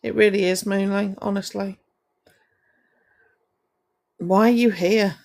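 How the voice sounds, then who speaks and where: A woman ranting on a livestream, her voice gravelly with vocal fry. She speaks slowly and deliberately, scolding someone and breaking off to greet viewers by name. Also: mid-range voice, steady tone, a little mellow. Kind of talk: ranting livestream monologue to chat.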